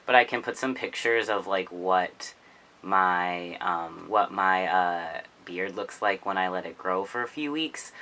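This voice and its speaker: A man's voice: sits low, a little slow. A young man vlogging about his own experiences in a rambling, casual way, full of "like" and "um". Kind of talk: casual chat.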